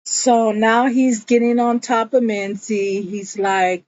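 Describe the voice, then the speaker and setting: Unhurried woman retelling a show, lo-fi. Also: on the high side, level tone, a little mellow, dry recording. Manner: chatty storytelling that keeps slipping into the characters' quoted lines. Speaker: TV episode recapper. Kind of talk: casual episode recap.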